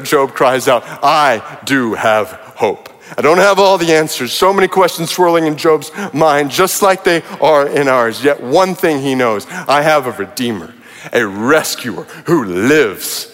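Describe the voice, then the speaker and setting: Preacher in a reverberant hall. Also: male voice, fairly high pitch, normal speed, a bit bright. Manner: preaching with rising intensity, reading scripture aloud. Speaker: pastor. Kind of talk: sermon. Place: large church auditorium.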